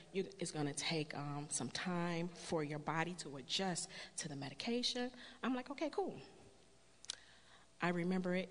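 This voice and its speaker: A woman telling her personal story to a church congregation in an earnest storytelling way, building to a loud, emphatic appeal. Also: low-pitched. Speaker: church speaker sharing testimony. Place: church sanctuary. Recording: long hall reverb.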